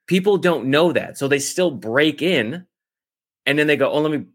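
A man's voice: fairly high pitch, animated, unhurried, fairly bright tone. A man co-hosting a podcast, telling meandering stories in casual political chat. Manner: rambling, meandering storyteller. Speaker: podcast co-host.

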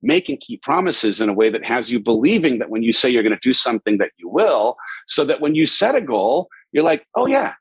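Animated man with a husky, dry voice. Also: fairly quick, hardly any pauses, no room sound. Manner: animated, jokey, jumps into high playful tones. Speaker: featured guest answering audience questions. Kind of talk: casual conversational talk.

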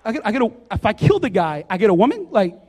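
A man's voice: high-pitched, fast talker, long reverb tail. A man voicing a brash teenage shepherd boy who talks in casual slang. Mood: excited. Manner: slangy, excited, calls people bro.

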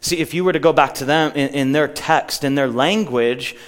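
A middle-aged man preaching a sermon in a church, retelling a story with quotes and slowing down for emphasis. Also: fairly high pitch. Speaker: pastor.

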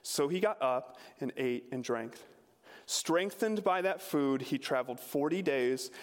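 A man's voice: mid-range voice, animated, a little slow. Man preaching in a reverberant hall. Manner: conversational, storytelling with humor. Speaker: pastor. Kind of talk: sermon.

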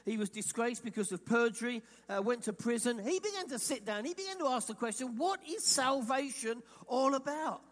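A man from England preaching with an animated delivery and a strikingly high voice. He acts out the questions of imagined listeners. His voice carries a long reverb, like a big hall. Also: brisk, few pauses. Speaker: pastor. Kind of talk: sermon.

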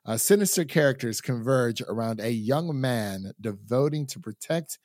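A man's voice: medium pitch, animated, moderate pace, a little mellow, no echo, clean studio sound. A man from Ohio hosting a film review podcast in casual chat, laughing often. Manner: laughs often, chatty with fillers. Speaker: podcast host.

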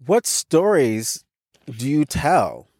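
A man's voice: mid-range voice, big pitch swings, drawn-out words, a little mellow, no echo, clean studio sound. A man with an American accent, a podcast co-host telling a personal story in casual conversation, emphatic, with many restarts and repeated words. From United States.

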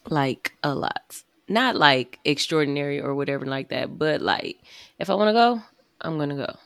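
A woman, chatting casually as a podcast co-host and answering with quick affirmations and laughter. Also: sits low, expressive, gravelly, no room sound, clean studio sound. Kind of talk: casual chat.

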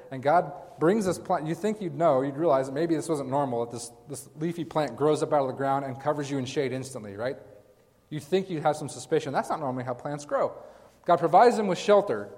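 A man's voice: fairly high pitch, a little mellow, big-room sound. A man preaching a sermon in a casual, conversational way, asking the congregation questions and mock-quoting the people in the story. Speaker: pastor.

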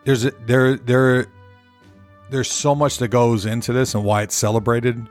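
A man's voice: medium pitch, flat delivery, measured pace, soft background music. A man hosting his own podcast, rambling casually and cursing, often repeating himself as he goes. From United States. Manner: rambling, profane, repeats words. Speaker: podcast host.

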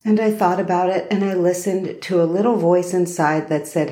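A woman hosting a solo podcast, telling a personal story in an unhurried, reflective way. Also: fairly low pitch, fairly even intonation, mellow. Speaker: podcast host.

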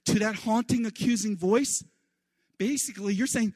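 Animated preaching man, dry sound. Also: very high-pitched, a little fast, dry recording. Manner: animated preaching, voice leaping up for quoted lines. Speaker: pastor. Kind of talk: sermon.

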